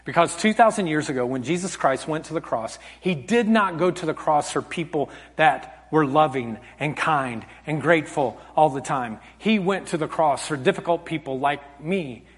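A man preaching a sermon as pastor, telling a family story with animated swings from loud acted quotes to hushed, soft tones. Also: on the high side, moderate pace, few pauses, in a large hall. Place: church hall.

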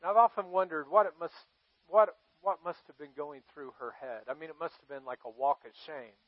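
A high-voiced male pastor delivers a sermon as casual storytelling. He pauses for effect and puts questions to his listeners. The recording is dry and slightly dull. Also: dry recording. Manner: conversational storytelling, dramatic pauses, asks the audience questions.

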